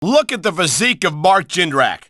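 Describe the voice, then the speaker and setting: Excitable earnest wrestling play-by-play man. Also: high-pitched, moderate pace, dry recording, clean studio sound. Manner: earnest, excitable announcer, prim and scolding. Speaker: play-by-play commentator. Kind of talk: pro wrestling video game commentary.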